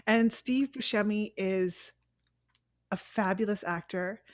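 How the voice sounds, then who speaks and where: A woman co-hosting a casual chat show, reasoning out loud in a relaxed, hesitant way. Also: mid-range voice, slow, no room sound, clean studio sound. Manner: thinks aloud, hesitant. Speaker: co-host.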